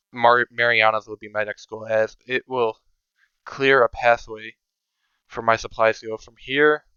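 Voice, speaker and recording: A man's voice: on the low side, sharp tone, clear, resonant tone, dry recording, muffled recording. A man giving casual, think-aloud commentary over his own strategy game, sometimes counting under his breath. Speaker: strategy game video creator.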